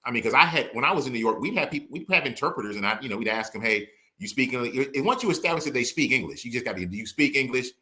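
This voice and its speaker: A man, an attorney and former prosecutor, talking casually in an interview and acting out courtroom exchanges in quick bursts. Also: medium pitch, lively intonation, sharp tone.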